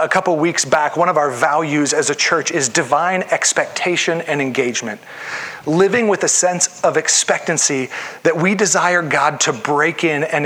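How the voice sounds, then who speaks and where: A man's voice: a little high, bright, forceful tone. A man pastor preaching a sermon in an earnest, conversational way, acting out the inner voices of his listeners.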